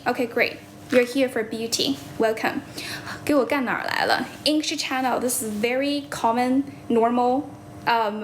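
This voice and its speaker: A woman's voice: fairly high pitch, a little hiss or hum. A young woman hosting a casual livestream, chatting blunt and teasing with viewers and laughing often. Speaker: livestream host. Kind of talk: casual livestream chat, mixing English and Chinese. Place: based in Shanghai.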